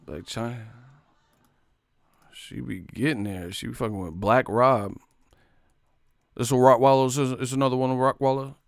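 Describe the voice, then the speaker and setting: A man's voice: normal speed, creaky, pauses often, no echo. Slangy mocking male streamer. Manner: animated, mocking, slangy, mimics commenters in high voices. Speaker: live stream host. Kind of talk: casual live stream chat reading comments.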